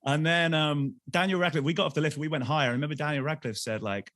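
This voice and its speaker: Fast-talking man telling stories. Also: medium pitch, no echo, studio quality. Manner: animated anecdotes, acts out quoted voices. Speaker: podcast co-host. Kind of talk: casual storytelling chat.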